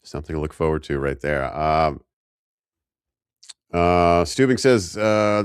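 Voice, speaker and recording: A man's voice: low voice, expressive, a little slow, long pauses, clean tone, dry recording, clean studio sound. A man co-hosting a podcast, recapping a TV episode in a rambling way with jokey asides. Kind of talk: casual chat.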